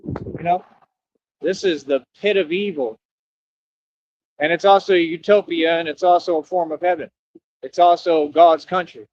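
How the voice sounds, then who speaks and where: A young man with a high voice rants on a livestream, emphatic and combative, full of street slang. The sound is dull and lo-fi. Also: fairly even intonation, moderate pace, long pauses, darkish tone, no echo. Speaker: streamer. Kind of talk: livestream rant. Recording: dull lo-fi audio.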